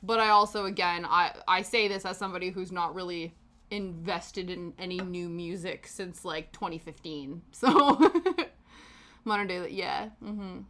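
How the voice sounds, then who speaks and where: A woman's voice: fairly low pitch, measured pace, pushed and bright. A woman hosting a live stream, chatting casually with her viewers while she knits, rambling and laughing often. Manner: chatty and rambling, answering chat with frequent laughs.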